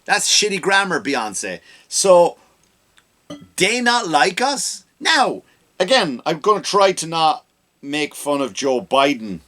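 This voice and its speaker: A man hosting a comedy podcast, delivering an animated rant into a studio microphone that climbs into loud, mocking outbursts. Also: on the high side, unhurried. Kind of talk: ranting comedy monologue.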